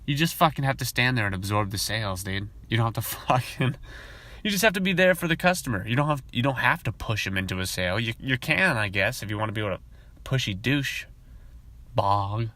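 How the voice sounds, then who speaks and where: A man hosting a podcast, talking in a casual, rambling monologue full of profanity, and sometimes mimicking coworkers in high voices. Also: lively intonation, a little fast, sharp tone. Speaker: podcast host.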